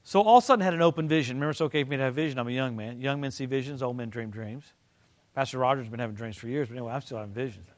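An older man preaching a sermon, telling stories and swinging from loud excited bursts to low quiet stretches. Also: very fast. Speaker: pastor.

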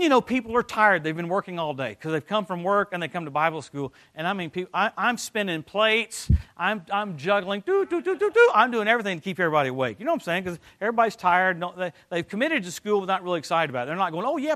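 Lively high-voiced man preaching a sermon. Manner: animated storytelling with laughs and sudden swings in loudness.

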